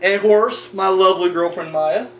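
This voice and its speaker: A man with a high voice hosts a horror movie review show, chatting and ranting casually at normal speed. His talk rambles, is profane, and restarts often, recorded on a roomy, distant mic with faint hum and faint background music.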